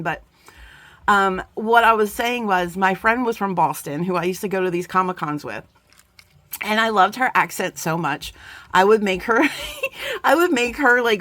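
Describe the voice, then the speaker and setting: A woman's voice: medium pitch, a bit bright, no echo. Bubbly woman gushing over beads. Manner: bubbly, gushing, rambling into side stories. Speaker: bead box unboxing host. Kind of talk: casual unboxing chat.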